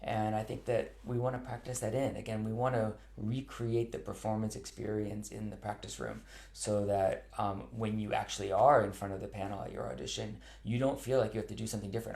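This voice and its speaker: A man with a low, gravelly voice answers questions from viewers about practice, talking in an earnest, thoughtful way with frequent ums and restarts. He sounds like a cello teacher on a live online chat. The sound carries a roomy echo, as if he is picked up by a computer mic at home. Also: steady tone, moderate pace, darkish tone.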